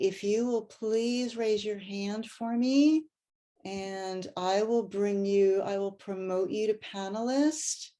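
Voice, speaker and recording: Slow, gushing woman hosting a panel. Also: on the low side, dark tone. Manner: effusive, gushing. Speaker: conference host. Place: online video conference.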